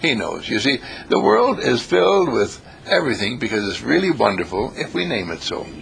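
A man giving a rambling, anecdotal spiritual talk who swings his pitch up and down for emphasis. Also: very animated, brisk, gravelly, fairly bright tone, slight background noise. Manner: storytelling, swings pitch for emphasis, laughs at himself.

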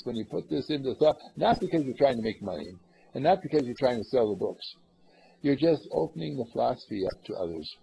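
Gravelly guy with a mellow low voice, rambling spiritual talk to a group, lots of uhs. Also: low-quality recording. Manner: acts out callers in lively higher voices; rambling, earnest, with many fillers. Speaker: spiritual teacher.

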